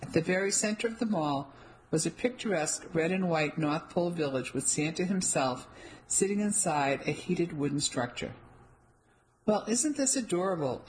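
A woman reading a first-person mystery novel aloud in an even, descriptive storytelling manner. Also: low voice, a little hiss or hum, low-quality recording. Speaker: audiobook narrator.

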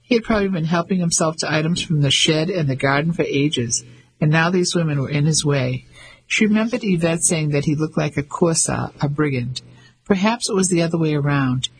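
A man narrating a novel in a measured storytelling manner. His voice is husky and sits somewhat high for a man. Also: low-quality recording. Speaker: audiobook narrator. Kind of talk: scripted narration.

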